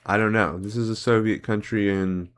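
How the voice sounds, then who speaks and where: A man's voice: lowish voice, fairly even intonation, moderate pace, smooth. A man hosting a guessing-game series, thinking aloud as he plays, hesitant, full of "um"s and self-corrections. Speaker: host playing geography and history guessing games. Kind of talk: casual commentary while playing.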